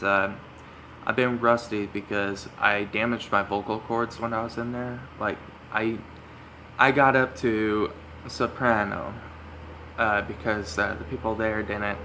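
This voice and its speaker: A man's voice: fairly low pitch, bright, forceful tone, slight background noise, poor audio. A man reading a visual novel aloud, breaking off into rambling, self-correcting asides to his viewers. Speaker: let's play gamer.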